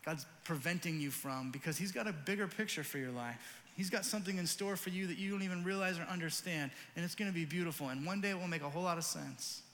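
A pastor in his forties preaching a sermon, earnest and emphatic, telling stories with lively energy. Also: on the high side, quick pace, hardly any pauses, big-room sound.

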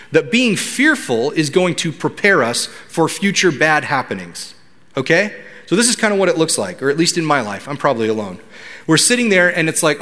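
This pastor's voice is on the high side, bright and forceful, echoing with long reverb through a church hall. He preaches to his congregation in a conversational manner and asks them questions.

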